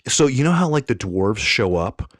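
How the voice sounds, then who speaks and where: A man in his thirties chatting on a podcast, telling an animated, rambling story and correcting himself as he goes. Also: mid-range voice, moderate pace, no echo, clean studio sound. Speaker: podcast co-host. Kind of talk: casual chat.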